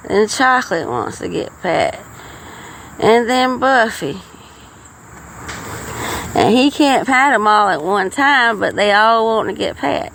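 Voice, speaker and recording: A woman's voice: on the high side, expressive, slow, gravelly, pauses often, a bit bright, low-quality recording. Middle-aged woman podcaster, folksy and rambling, with faint crickets and traffic outside. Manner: rambling, folksy, with frequent restarts. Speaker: podcast host. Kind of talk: casual storytelling monologue.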